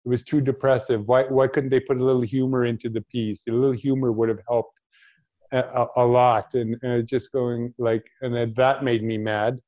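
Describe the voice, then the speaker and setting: A man's voice: mid-range voice, little pitch movement, darkish tone, muffled recording. Reflective man telling a story. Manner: reflective, halting with restarts. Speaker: interview guest, actor. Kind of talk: storytelling in conversation.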